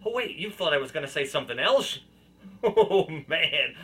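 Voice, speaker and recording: A man's voice: a little high, big pitch swings, moderate pace, a bit bright, breathy edge. A man hosting his own video podcast, chatting to camera in a playful, self-amused way, recorded on a built-in camera mic. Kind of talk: casual chat to camera.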